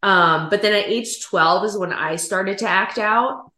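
A woman's voice: mid-range voice, a little slow, sharp tone, reverberant. A woman hosting a casual podcast, speaking candidly with a laugh and casual swearing. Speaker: podcast host.

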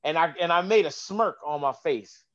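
A man, a golf caddy and comedian, telling stories in a casual chat, animated and swearing, acting out voices. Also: a little high, normal speed, muffled recording. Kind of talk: casual podcast storytelling.

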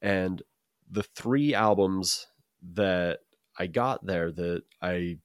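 A man's voice: sits low, extremely slow, smooth, dry recording. A man who grew up in Utah, co-hosting a casual chat show, rambling with repeats and dry jokes. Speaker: podcast co-host.

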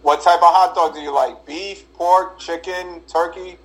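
A man's voice: a little high, steady tone, measured pace, slight background noise. A man guesting on a podcast, talking casually with many ums and casual swearing, over a laptop microphone. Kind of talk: casual chat. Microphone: laptop mic.

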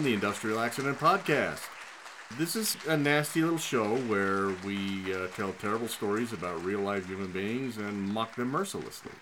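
A man's voice: fairly low pitch, moderate pace, a crowd in the background, noisy background. A man hosting a crude mock game show on a podcast, swinging into theatrical announcer tones.

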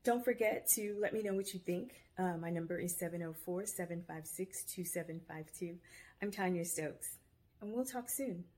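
A woman's voice: on the low side, moderate pace, darkish tone. A woman hosting her own video podcast, talking casually and giving upbeat, encouraging motivational advice. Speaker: podcast host. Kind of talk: motivational self-help talk. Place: home. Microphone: video podcast camera mic.

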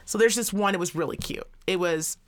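A woman's voice: fairly low pitch, brisk. A woman co-hosting a podcast in casual chat, telling stories bluntly and swearing freely. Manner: blunt, profane, storytelling. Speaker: podcast co-host.

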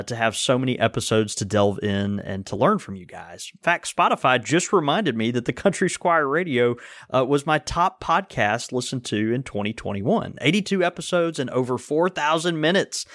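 A man's voice: mid-range voice, lively intonation, normal speed, a bit bright, no room sound, studio quality. A man co-hosting a podcast in casual chat, friendly, stammering and restarting as he reads listener mail. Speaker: podcast co-host.

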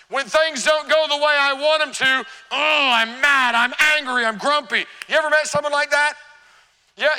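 A pastor preaching a sermon in a church, telling humorous stories and questioning his congregation. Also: very high voice. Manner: animated, humorous storytelling, asks the congregation questions. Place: church sanctuary. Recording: long church reverb.

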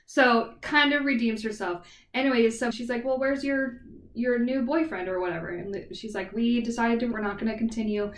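A woman's voice: on the high side, moderate pace, distant mic, a little hiss or hum. Chatty woman retelling a story. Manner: animated retelling, heavy use of "like". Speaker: book podcast co-host. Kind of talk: casual chat. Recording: roomy echo, away from the mic.

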